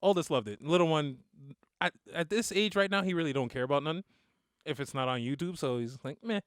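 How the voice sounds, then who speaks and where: A man's voice: a little high, fairly quick, no echo, clean studio sound. A man in his thirties co-hosting a podcast, chatting loosely with joking slang banter. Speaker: podcast co-host. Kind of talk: casual chat.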